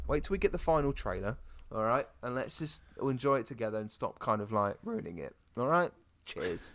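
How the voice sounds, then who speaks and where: A hoarse British man co-hosting a podcast in a chatty, rambling way. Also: medium pitch, big pitch swings, fairly quick, fairly bright tone. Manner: chatty, rambling asides, repeats himself. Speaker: podcast co-host. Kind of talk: casual podcast chat.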